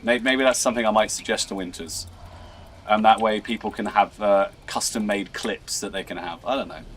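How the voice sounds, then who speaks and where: A man's voice: on the low side, normal speed, a bit bright, slight background noise. A playful man, chatting casually while live-streaming a game. He stammers, repeats words and laughs often. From England. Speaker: livestream host. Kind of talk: casual gaming livestream chat.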